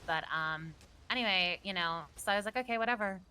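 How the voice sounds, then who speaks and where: A woman's voice: medium pitch, fairly quick, sharp tone, slight background noise, lightly acted, poor audio. A woman playing a ditzy, gossiping young witness in a role-play news interview, talking in valley-girl chatter full of "like". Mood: gossipy.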